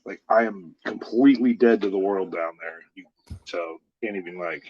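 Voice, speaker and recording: A man on a podcast joking in a deadpan, self-mocking way. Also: deep voice, moderate pace, breathy edge, highs cut off. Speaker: podcast co-host. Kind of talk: joking casual chat.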